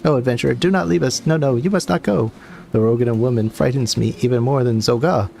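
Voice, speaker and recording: A man's voice: medium pitch, brisk, vocal fry, darkish tone, soft background music, lightly acted. A man voicing a timid, wailing male kobold who repeats his words in frantic strings of three. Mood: pleading.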